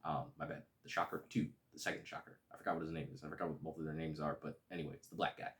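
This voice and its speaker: A man casually reviewing a movie, relaxed and rambling with lots of fillers. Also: extremely low pitch, racing.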